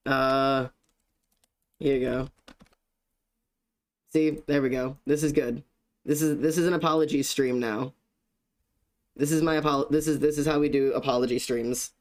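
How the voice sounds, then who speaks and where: A young man with a medium-pitched voice is live-streaming, greeting viewers by name. He jokes at his own expense and swears casually.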